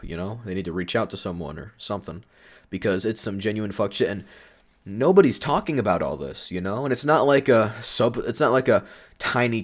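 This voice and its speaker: A man's voice: fairly low pitch, fairly bright tone. A young man giving a blunt, rambling commentary vlog, swearing often and restarting his sentences. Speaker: video creator.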